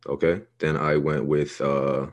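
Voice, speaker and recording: A man's voice: extremely low pitch, level tone, unhurried. A young man, co-hosting a podcast, hyped and swearing often as he talks up his picks. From New York. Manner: profane, hyped, swaggering. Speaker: podcast co-host. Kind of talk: casual podcast banter.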